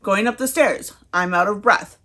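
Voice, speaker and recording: A woman's voice: mid-range voice, moderate pace, bright, forceful tone. A woman in her thirties, a vlogger chatting casually to the camera, out of breath and laughing often between words.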